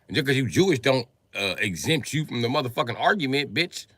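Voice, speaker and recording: A man talking alone on his livestream in a profane rant, swinging from low muttering to loud shouting. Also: big pitch swings, brisk, slightly rough, dry recording. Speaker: livestream host. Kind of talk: livestream monologue.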